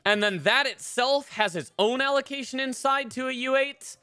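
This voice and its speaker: A woman's voice: sits high, normal speed, sharp tone, smooth, no room sound. A woman live-coding on a stream, chatting casually and swearing freely as she thinks aloud. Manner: profane, thinks aloud with fillers. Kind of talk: casual live-stream chat while programming.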